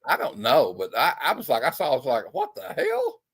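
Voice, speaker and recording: A man's voice: mid-range voice, very animated, fast talker, a bit bright, slightly rough. A man hosting a casual comic chat, joking and laughing as he reads old comic panels aloud. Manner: jokey, laughs often, reads panels in put-on voices. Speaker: comic show host.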